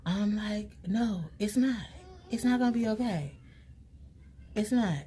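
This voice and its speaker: A young woman, telling a personal story in a casual storytime vlog and acting out quotes with big jumps in pitch. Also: measured pace, warm tone, slight background noise.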